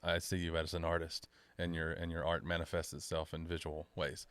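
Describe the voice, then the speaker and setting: A chatty man hosts a casual podcast interview, rambling through his questions with a self-deprecating touch. His voice sits on the low side. The sound is dry and close. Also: monotone, brisk, a bit bright, clean tone, no room sound. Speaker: podcast host.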